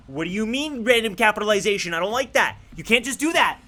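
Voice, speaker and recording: A streamer giving let's play commentary with jumpy, excitable reactions while reading a story game aloud. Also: medium pitch, quick pace, few pauses.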